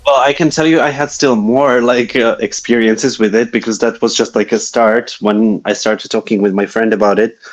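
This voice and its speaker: A man's voice: medium pitch, fairly even intonation, moderate pace, hardly any pauses, soft background music. A man telling a guest's ghost story in a casual, hesitant way, often searching for words. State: a little shaky from reliving memories.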